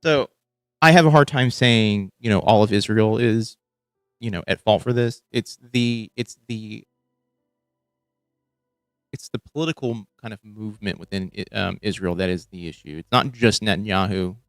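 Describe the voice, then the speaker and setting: A man's voice: on the low side, normal speed, dry recording. A young man from Texas with a light Texan accent, hosting a casual podcast and talking through news clips with many fillers and restarts. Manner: rambling, thinking aloud with many fillers. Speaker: podcast host.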